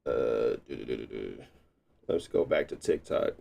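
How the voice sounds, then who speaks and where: Guy on a gaming stream talking to himself while tweaking settings, laughs a lot, mellow voice that swings up and down. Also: extremely low pitch, expressive, slow, gravelly, long pauses. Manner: thinks out loud, laughs often. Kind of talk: casual live tinkering chat.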